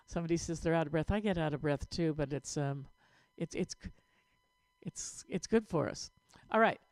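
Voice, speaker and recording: A woman choir director leading an online vocal warm-up lesson, upbeat and encouraging as she demonstrates breathing exercises. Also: deep voice, normal speed, no echo.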